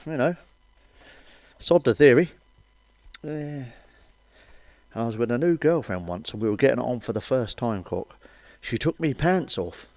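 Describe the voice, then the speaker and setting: A middle-aged man rattles through blue stand-up gags. He swears constantly and keeps checking "you know what I mean?" His voice sits in an ordinary middle pitch, recorded close and dry with no room echo. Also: lively intonation, a little slow, pauses often, darkish tone. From Wales. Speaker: comedian. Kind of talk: crude stand-up joke telling.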